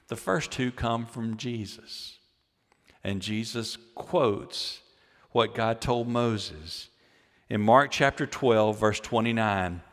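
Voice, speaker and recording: A male pastor preaching a sermon, repeating key phrases and swinging between loud, emphatic lines and quiet ones. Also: mid-range voice. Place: church sanctuary. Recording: long hall reverb.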